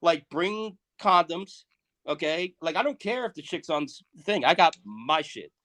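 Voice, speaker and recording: A man in his thirties co-hosting a podcast, delivering a crude, profane comedic rant that swings between loud outbursts and muttered asides. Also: a little high, animated, unhurried. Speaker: podcast co-host.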